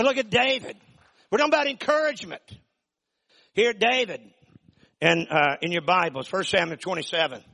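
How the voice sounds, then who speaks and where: An older man preaches in a folksy, emphatic style, stretching some phrases out and punching others loud. His voice is gravelly and a bit husky, pitched somewhat high for a man. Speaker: pastor. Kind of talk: sermon.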